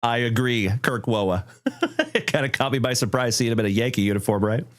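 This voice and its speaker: A man hosting a livestream trading card break, thanking viewers effusively and calling out cards with excitement. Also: medium pitch, a little fast. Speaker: live card break host.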